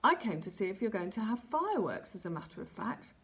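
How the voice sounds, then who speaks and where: A woman's voice: mid-range voice, quick pace, breathy edge. A woman voicing an eager, chatty baby boy barn owl in a storybook reading. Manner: excited, pleading.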